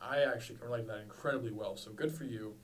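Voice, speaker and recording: A man's voice: mid-range voice, steady tone, very fast, recorded from a distance, poor audio. A man in his twenties co-hosting a podcast, chatting casually in a rambling, self-deprecating way. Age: 20s. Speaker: podcast co-host. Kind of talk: casual chat.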